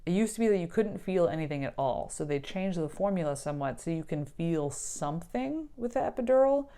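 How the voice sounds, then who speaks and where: A woman's voice: lowish voice, lively intonation, a little fast, warm tone. A young adult woman casually telling a personal story, chatty, often laughing and filling with "like". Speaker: vlogger telling her birth story.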